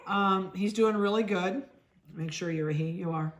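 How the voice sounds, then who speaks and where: A middle-aged woman from Ohio, a dog breeder, chatting casually as she handles puppies and talks softly to them. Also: medium pitch, normal speed.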